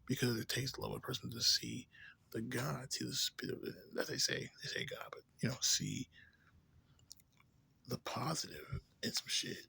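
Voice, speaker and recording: A man ranting in a rambling, profane, casual way, drifting between low mutters and louder outbursts. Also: gravelly, breathy edge. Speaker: vlogger.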